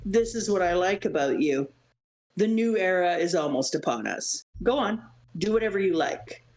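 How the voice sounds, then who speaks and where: A woman voicing a menacing, smug adult male pirate warlord who talks slowly and mockingly. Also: fairly low pitch, animated, a little mellow, echoey room, natural voice. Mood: smug menace.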